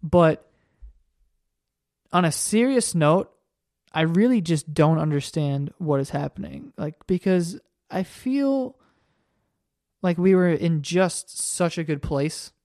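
A man's voice: fairly high pitch, no echo, studio quality. Rambling, profane male podcast host. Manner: rambling, profane, gets worked up and loud. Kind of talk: casual solo podcast monologue.

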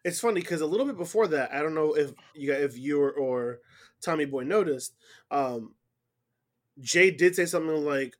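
A man co-hosting a casual wrestling recap chat, animated and given to loud whoops. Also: a little high, normal speed. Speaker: podcast co-host.

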